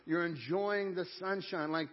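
Emphatic middle-aged pastor, slightly high voice. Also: male voice, steady tone, a little slow. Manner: conversational, emphatic, talks to congregation. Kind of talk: sermon. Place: church sanctuary. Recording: dull lo-fi sound.

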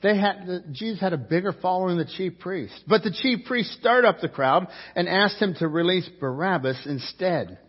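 A man's voice: high-pitched, normal speed, few pauses, breathy edge, highs cut off. A man preaching a sermon as pastor, telling the story vividly and acting out the characters' lines.

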